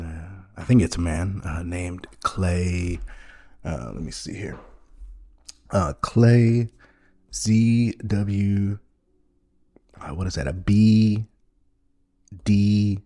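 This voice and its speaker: A man hosting a podcast in a rambling, mock-earnest monologue, halting often with ums and restarts. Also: deep voice, dark tone. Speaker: podcast host.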